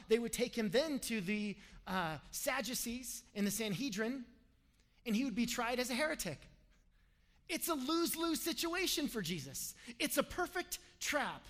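A man preaching a sermon with a lively, animated delivery and humorous asides. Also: very high-pitched, normal speed. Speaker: pastor. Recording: long hall reverb.

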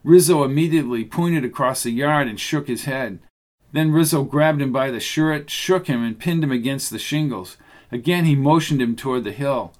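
Male narrator, mid pitch, steady even storytelling read. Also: normal speed. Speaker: audiobook narrator. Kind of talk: scripted narration.

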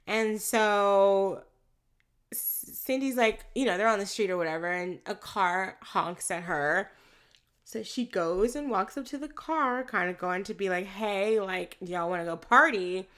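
A woman in casual chat recapping a film, animated and profane, acting out the characters' lines as she goes. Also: mid-range voice, unhurried, clean tone.

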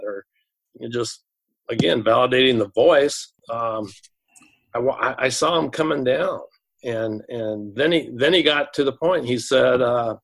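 Gravelly-voiced man telling a story. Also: mid-range voice. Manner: halting, repeats words, quotes students. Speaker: school administrator. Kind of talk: interview storytelling.

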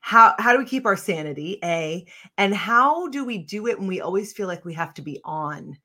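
A woman's voice: mid-range voice, lively intonation, normal speed, pushed and bright. A woman hosting a casual interview, asking engaged questions and affirming her guest. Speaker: podcast host.

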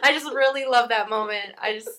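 A woman's voice: fairly high pitch, brisk, crowd noise. A woman talking over a film in casual conversation, full of enthusiasm. She laughs as she retells scenes she loves and reaches for playful comparisons to explain them, in an easy conversational voice. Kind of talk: casual chat about a film.

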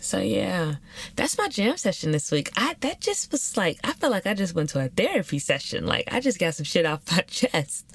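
A woman's voice: lowish voice, sing-song, normal speed, slightly rough, dry recording. A young woman hosting a podcast, talking candidly and animatedly in slangy casual chat. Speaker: podcast host.

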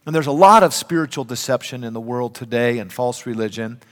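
An older man preaching a sermon, emphatic, swinging between loud and hushed. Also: medium pitch, a little fast. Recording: reverberant hall.

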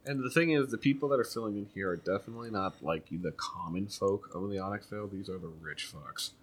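A man's voice: on the low side, fast, slight background noise. A man narrating a tabletop game as game master, in loose, rambling talk.

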